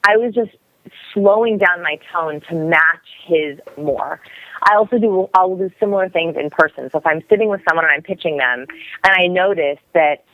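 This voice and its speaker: Woman, fast energetic explainer, interview guest, tinny phone line. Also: on the low side. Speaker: guest expert on body language. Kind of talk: podcast interview over the phone.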